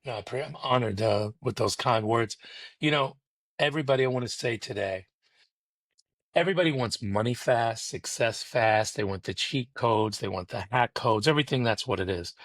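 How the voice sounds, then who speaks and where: A man's voice: mid-range voice, moderate pace, a bit bright, dry recording. Preachy, rhythmic man on a podcast. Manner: preachy, rhythmic, emphatic storytelling. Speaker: guest. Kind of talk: motivational podcast interview.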